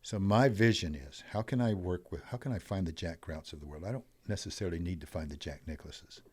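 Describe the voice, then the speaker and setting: An older man, a guest on a podcast, telling an animated story about business and mindset, his voice swelling and dropping as he makes his point. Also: deep voice, brisk, breathy edge. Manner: animated storyteller, rising and falling in loudness. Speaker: podcast guest, wealth coach.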